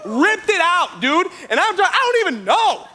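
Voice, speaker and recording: A man preaching to a youth group, telling a story in slangy, animated speech and turning quieter and earnest when he teaches. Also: very high voice, moderate pace, a little hiss or hum. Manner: slangy and animated, calls the crowd bro and dude. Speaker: youth pastor. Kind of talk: youth sermon with a comic opening story. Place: church youth service venue.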